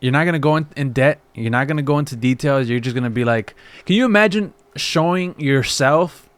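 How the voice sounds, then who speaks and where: A man talks in an easygoing, meandering way on a casual podcast, now and then grunting to mimic someone. His voice is mid-pitched and sits close and dry, with no room sound. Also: brisk, no echo. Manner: laid-back, rambling, with grunting impressions. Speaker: podcast co-host.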